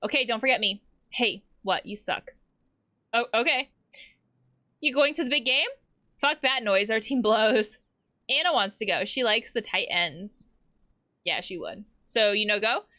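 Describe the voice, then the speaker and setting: A woman's voice: fairly high pitch, animated, a little slow, pauses often, pushed and bright. A woman therapist playing a video game, casually reading text messages aloud with playful, laughing asides. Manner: playful, laughs and swears between read-out lines.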